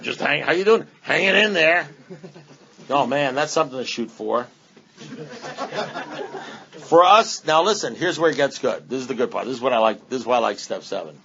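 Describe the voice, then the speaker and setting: A man's voice: mid-range voice, animated, fairly quick, gravelly, a bit bright. A man speaking at a recovery meeting, rambling and blunt, with punchy repetition and sarcastic asides. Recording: dull lo-fi meeting recording.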